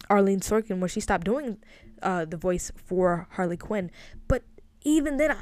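A woman's voice: medium pitch, no room sound. Woman rambling on her podcast, lots of um and restarts, super into it, dead dry sound. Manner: rambling, frequent restarts and fillers; earnest fan enthusiasm. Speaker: podcast host. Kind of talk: casual solo podcast talk.

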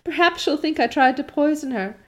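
A woman's voice: sits high, a little fast, fairly bright tone, voice pushed up. A woman reading as an overwrought young orphan girl. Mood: pleading. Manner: sobbing, overwrought pleading. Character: dramatic young orphan girl, tearful and theatrical. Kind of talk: reading a novel aloud.

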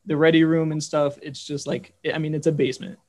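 A young man hosts a podcast in relaxed conversation with his guests. His voice sits a little high, and he rambles with plenty of "like" and "um" as he works toward his questions. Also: brisk. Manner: rambling, many fillers. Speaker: podcast host. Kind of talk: casual interview chat.

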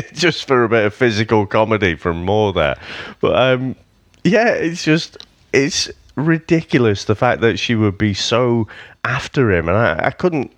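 A man's voice: mid-range voice, sing-song, unhurried, a bit bright, dry recording. A man co-hosting a casual film review podcast, wry and swearing, sometimes quoting characters in put-on voices. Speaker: podcast co-host.

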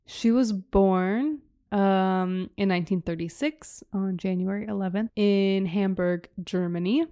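A woman's voice: medium pitch, a little slow, dark tone. A young woman co-hosting a casual podcast chat, gushing with enthusiasm and reading quotes aloud. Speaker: podcast co-host.

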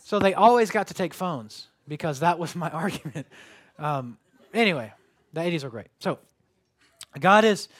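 Man preaching a lively sermon. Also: fairly high pitch. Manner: conversational and joking, rising to emphatic calls. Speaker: pastor.

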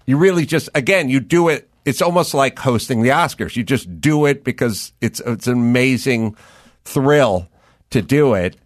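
A man's voice: medium pitch, lively intonation, moderate pace, dry recording, clean studio sound. A man hosting a podcast interview, riffing in a loose conversational way as he muses aloud. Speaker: podcast host. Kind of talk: casual interview chat.

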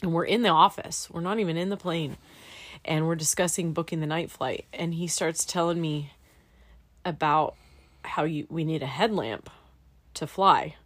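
A young student pilot chats casually on a podcast, telling candid, animated stories and swearing now and then. She has a deep voice, speaks at a moderate pace, and there's no echo.

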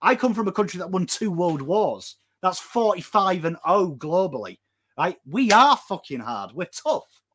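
An English man ranting as co-host of a football fan show, sweary and impassioned, swinging between shouting and low intensity. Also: big pitch swings, measured pace, a little hiss or hum. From England. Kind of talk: fired-up fan rant.

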